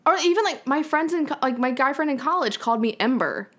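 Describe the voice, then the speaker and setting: A young woman co-hosts a podcast in a casual chat with a fairly high voice. She is frank and opinionated and swears freely. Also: expressive, quick pace, fairly bright tone. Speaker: podcast co-host.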